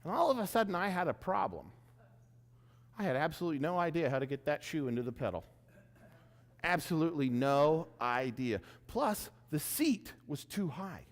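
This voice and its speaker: A male keynote speaker with a high, very lively voice swings wildly up and down as he tells a self-mocking story. He acts out his own reactions as he goes. The sound carries a long reverb, as if from a big hall. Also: normal speed. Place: large event room before an audience.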